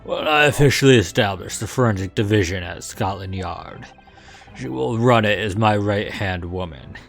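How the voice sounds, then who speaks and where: A man's voice: on the low side, moderate pace, vocal fry, soft background music, pitched below the performer's own voice. A man reading out a stern, grandiose police chief lord in a pompous, declaiming manner while playing a game on stream. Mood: proud.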